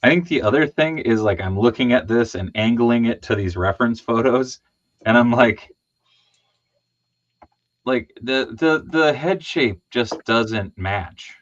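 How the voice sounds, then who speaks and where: A man's voice: medium pitch, a little slow. A man hosting a livestream while customizing figures, chatting casually, joking, swearing and laughing often. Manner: jokey, swears, laughs often, does silly voices. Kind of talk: casual chat while working. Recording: dull lo-fi stream audio.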